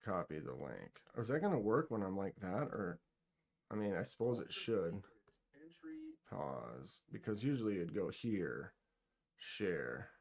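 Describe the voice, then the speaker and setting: A man's voice: sits low, very animated, measured pace, gravelly. A man hosting a live stream, casually reading viewer comments aloud and muttering to himself as he clicks through his screen. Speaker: live stream host running a giveaway.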